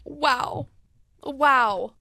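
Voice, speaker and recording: A woman's voice: high voice, drawn-out words, bright, forceful tone, no room sound. A woman hosting a casual podcast interview, reacting with short astonished interjections and casual swearing. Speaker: podcast host.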